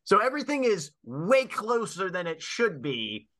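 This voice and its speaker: A man's voice: sits high, a little slow. A man chatting and joking as a player in a tabletop game. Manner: animated, joking. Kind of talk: casual tabletop game chat.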